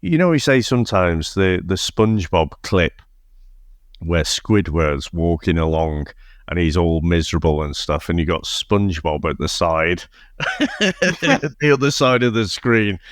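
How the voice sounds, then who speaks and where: A man with a lowish voice that rises and falls a great deal, sounding close to the mic in a dry space. He chats casually as a podcast co-host, eager and quick to laugh, with the odd curse thrown in. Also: expressive, dry recording. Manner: enthusiastic, laughs often, swears. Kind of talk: casual chat.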